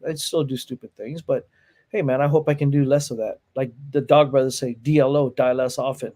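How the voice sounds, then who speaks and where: Man with an animated storytelling voice. He acts out quotes, swears freely and laughs between lines. A martial arts instructor in relaxed conversation. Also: mid-range voice, fairly quick. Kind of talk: casual chat, storytelling.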